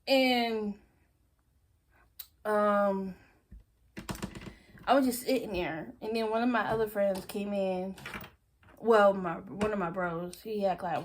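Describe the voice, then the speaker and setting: A woman's voice: fairly high pitch, a little hiss or hum. Laughing young woman telling a story. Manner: animated, laughing often, acts out quoted friends. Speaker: storyteller vlogger. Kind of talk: casual story time.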